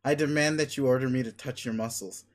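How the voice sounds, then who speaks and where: A man's voice: medium pitch, fast talker, pitched below the performer's own voice, lightly acted. A man doing a bragging crude muscle creature. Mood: demanding. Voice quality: loud, bragging, swears constantly. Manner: bombastic, pushy, commanding. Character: boastful muscle-obsessed male creature, crude. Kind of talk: dramatic reading of a webcomic.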